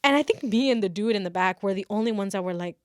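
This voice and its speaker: A woman's voice: mid-range voice, fast, no echo, studio quality. A young woman co-hosting a podcast, telling a college story in casual chat and acting out what people said, with a few Spanish phrases mixed in. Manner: animated storyteller who acts out quotes, mixes in Spanish phrases. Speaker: podcast co-host.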